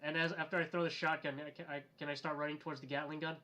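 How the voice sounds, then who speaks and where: A man's voice: fairly high pitch, level tone, very fast, sharp tone. A young man playing a tabletop game, eagerly firing questions at the game master and often repeating himself as he asks. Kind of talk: casual game chat.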